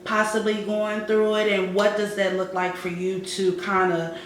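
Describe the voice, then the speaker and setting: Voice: mid-range voice, little pitch movement, moderate pace, a little hiss or hum. A co-host of a discussion show who listens with many affirmations and asks thoughtful questions. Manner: attentive, frequent affirmations. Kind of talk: casual discussion. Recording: echoey room, distant from the mic.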